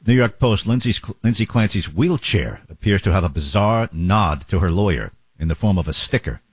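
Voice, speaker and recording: A male talk radio host chats casually and drifts into asides. His voice is low and a little husky, with lively swings in pitch. The studio sound is dry and close. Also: normal speed, no room sound. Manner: chatty, wandering asides.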